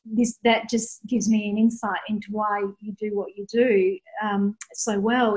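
Supportive woman interviewer, halting and warm. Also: mid-range voice, rough recording. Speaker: podcast host interviewer. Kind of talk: conversational interview.

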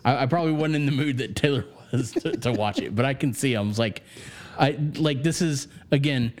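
A man's voice: medium pitch, a little fast. A man co-hosting a podcast, chatting loosely about a film with a lot of swearing and filler words. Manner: rambling and profane, with lots of fillers. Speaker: podcast co-host reviewing a film. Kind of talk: casual chat.

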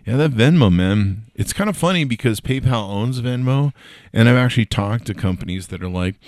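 A man's voice: fairly low pitch, lively intonation, a little fast, a little mellow, dry recording, clean studio sound. A man hosting a casual solo news podcast, tired and yawning, rambling with jokes and swearing. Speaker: podcast host.

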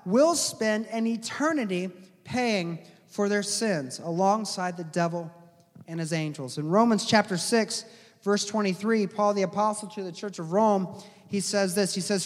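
High-voiced man preaching in a hall. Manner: earnest, slows down to stress key words. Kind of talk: sermon. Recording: long hall reverb.

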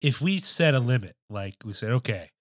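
A man's voice: medium pitch, animated, dry recording, studio quality. A man co-hosting a film podcast in casual discussion, thinking aloud with restarts and casual swearing. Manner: thoughtful, halting, many restarts and fillers, swears casually. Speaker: podcast co-host.

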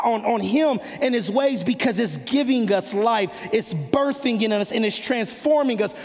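High-voiced preacher in a reverberant hall. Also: male voice, a little mellow. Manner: impassioned, rhythmic preaching cadence. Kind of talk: sermon. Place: church sanctuary.

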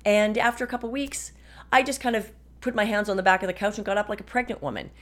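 A woman's voice: medium pitch, quick pace, fairly bright tone. A woman in her fifties hosting a podcast from her desk at home, talking frankly and chattily with some wry sarcasm. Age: 50s. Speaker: podcast host. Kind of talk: casual personal monologue.

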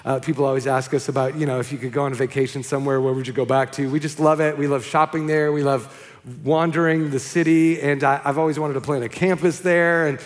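Pastor preaching in an echoing hall. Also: male voice, on the high side, little pitch movement, quick pace. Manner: conversational, storytelling with frequent "okay?" checks. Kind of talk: sermon. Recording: long reverb of a large hall.

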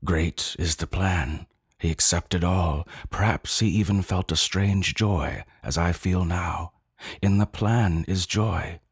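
A man giving intense, brooding narration of a story, slow and deliberate. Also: low-pitched, gravelly, slightly rough, no echo, clean studio sound. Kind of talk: dramatic audiobook narration.

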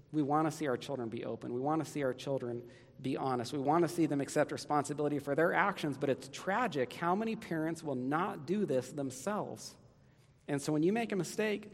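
Guy preaching a sermon, gravelly fry in his voice, earnest and pushy, long reverb like a big hall. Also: a little high. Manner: earnest, emphatic exhortation with repeated phrases. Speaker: pastor.

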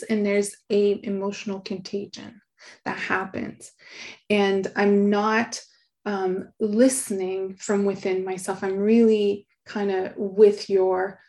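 A middle-aged woman, an author being interviewed, speaking in an earnest, soft, reflective way and laughing often. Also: medium pitch. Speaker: guest, author.

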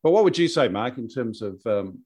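A man's voice: medium pitch, expressive, brisk, darkish tone. A man co-hosting a podcast, talking in a casual, hesitant way with many fillers and restarts. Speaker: podcast co-host. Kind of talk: casual chat.

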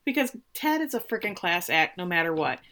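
A woman co-hosting a casual chat, recapping a TV episode with lively retelling and quick voices for the characters. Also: on the low side. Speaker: podcast co-host recapping a TV episode.

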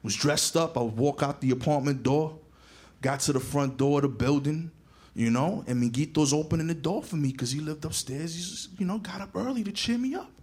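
Profane New stand-up storyteller. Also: male voice, on the high side, fairly quick, husky. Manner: animated, profane, punchy delivery. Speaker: stand-up comedian.

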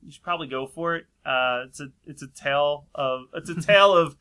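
A man's voice: a little high, fairly quick, pushed and bright, clean tone. A man casually telling a long story in a chat, rambling and laughing often. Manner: rambling, laughs often, acts out quoted voices.

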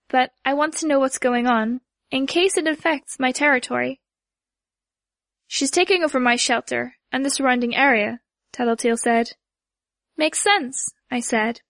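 A woman narrating a novel aloud in an even, unhurried reading voice. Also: high voice, no echo. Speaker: audiobook narrator.

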